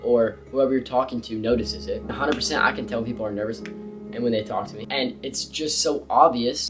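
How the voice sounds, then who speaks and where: A young man giving casual, emphatic advice to camera about confidence and speaking, with slangy, animated delivery. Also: medium pitch. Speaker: self-improvement creator. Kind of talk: casual motivational talk to camera.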